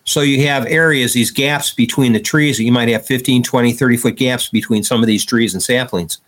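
A man, a podcast guest, recounting an outdoor encounter step by step in detailed, animated conversational storytelling. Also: mid-range voice, brisk. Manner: animated, acts out quoted dialogue.

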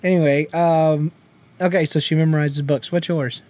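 A man's voice: on the high side, steady tone, moderate pace, a little mellow. Guy in his 30s on a podcast, chatty, laughs a lot, does little sing-song bits when he quotes people. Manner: laughing storyteller who acts out quotes and sings nonsense beats. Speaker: podcast co-host. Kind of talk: casual chat.

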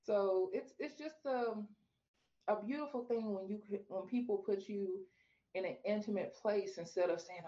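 A woman guest on a podcast, telling her story in casual talk and acting out her own questions to God in a high, lively voice. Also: normal speed, dull audio. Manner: animated storyteller, acts out quoted talks with God in a high voice. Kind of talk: casual faith interview.

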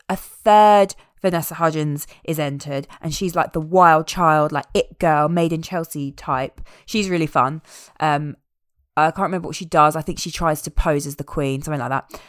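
A woman in casual chat, recapping a film with animated, wry asides. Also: sits low, clear, resonant tone, dry recording, clean studio sound.

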